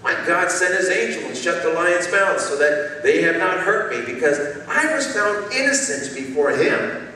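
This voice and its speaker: A faithful ancient prophet answers calmly in a deep, steady voice, as a male pastor reads him aloud. The sound is distant and washed in long hall reverb, with faint noise underneath. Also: normal speed. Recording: echoey hall, mic far off.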